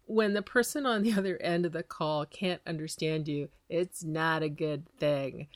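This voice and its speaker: A chatty woman hosts a small business podcast and gives advice at a brisk clip. Her voice sits a little low for a woman. The sound is close and dry, with no room echo. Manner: lively, chatty, quick-talking with laughs.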